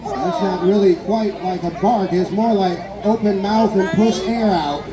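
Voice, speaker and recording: A festival announcer calls an outdoor contest in a joking, chatty play-by-play. The voice sits at a middle pitch. It rings out over echoing loudspeakers with a crowd clearly heard behind. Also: measured pace. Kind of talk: live event commentary. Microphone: public address loudspeaker.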